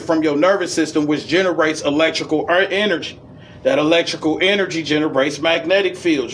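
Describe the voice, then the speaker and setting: A man giving a casual esoteric lecture, reading passages aloud and riffing on them in profane street slang, swinging between high and low registers. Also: fairly bright tone, slight background noise. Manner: reads passages, then riffs in profane slang.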